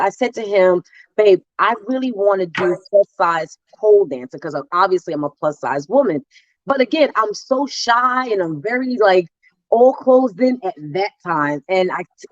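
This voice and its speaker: Woman from New Jersey, lively interview guest who acts out voices, dry and dull recording. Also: medium pitch, no echo. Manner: animated storyteller, acts out voices. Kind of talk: storytelling interview.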